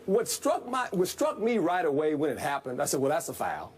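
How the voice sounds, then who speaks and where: A man with a high, lively voice breaks down a football play as a former coach, folksy and repetitive in his emphasis. A faint hiss lies behind him. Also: a little fast. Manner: animated, folksy, repeats points. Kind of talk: sports debate commentary.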